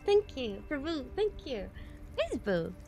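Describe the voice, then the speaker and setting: Excitable high-voiced woman streamer. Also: slow, faint music behind. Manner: excitable, swears, chats with viewers. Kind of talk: live gameplay commentary.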